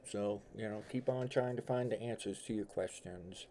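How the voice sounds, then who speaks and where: On a home tarot livestream, a middle-aged host with a combined New York and Southern US accent rambles in folksy, casual chat with viewers. His voice is low-side and dark, at a normal speed.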